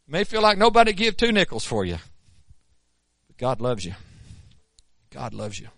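A man preaching a sermon in a folksy way, swinging from emphatic peaks to soft asides. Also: mid-range voice, huge pitch swings, normal speed, vocal fry, dry recording.

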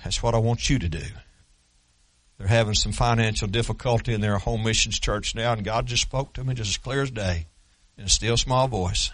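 Pastor, sermon, bright forceful voice, dry close sound. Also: male voice, steady tone, normal speed, no echo, rough recording. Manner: swings from loud emphatic preaching to low quiet asides.

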